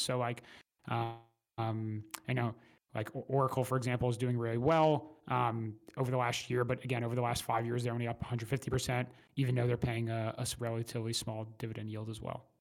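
A man speaking as an investment manager guest in a casual interview, measured and hesitant. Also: medium pitch, little pitch movement, creaky. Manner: measured, hesitant with fillers and restarts.

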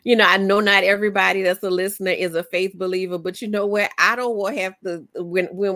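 A woman podcast host and coach in casual interview chat, talking in an animated, motivational way with many fillers. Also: mid-range voice, fairly quick, hardly any pauses, no room sound, studio quality.

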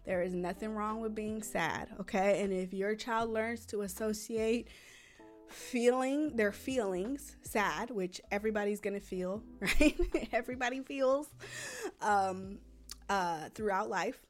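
Woman, podcast host, chatty advice talk, mid pitch, faint music bed. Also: unhurried. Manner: chatty, ends points with frequent tag questions; acts out parent phrases in a raised voice.

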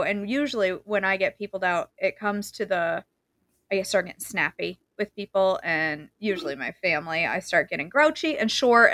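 A woman's voice: medium pitch, pushed and bright, dry recording. A woman hosting a casual chat, chatty and laughing easily. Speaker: podcast host.

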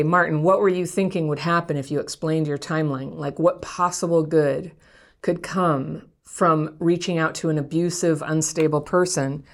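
A woman hosting an advice podcast, answering a listener's letter in a frank, conversational way with frequent laughs. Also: low-pitched. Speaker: podcast host giving relationship advice.

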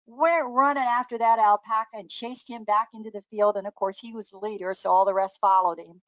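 An older woman chats as a guest, spinning animated stories and slipping into the voices of the people in them. Her voice sits mid-range and sounds dry and close. She laughs easily between lines. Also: medium pitch, brisk, dry recording, poor audio. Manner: lively anecdotal, laughs often, acts out quoted voices. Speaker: guest naturopathic doctor. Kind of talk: casual storytelling.

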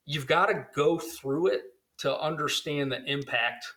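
A man in his thirties talks with a fairly high voice in a relaxed podcast chat. He is earnest and restarts his phrases, doubling words as he gathers his thoughts. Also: measured pace. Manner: earnest, repeats words when starting. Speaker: guest recruiter. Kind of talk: casual podcast conversation.

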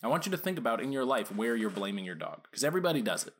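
Hosting a dog training podcast, a man speaks in a medium-pitched, sing-song voice. His delivery is casual and conversational, full of rhetorical questions and quick acted-out lines.

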